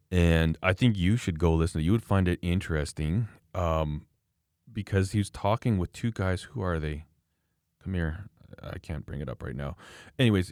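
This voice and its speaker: Podcast host, man with a deep voice, chatty storyteller, dry close mic. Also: darkish tone, dry recording. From Canada. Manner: rambling storyteller, frequent restarts. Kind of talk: casual conversation.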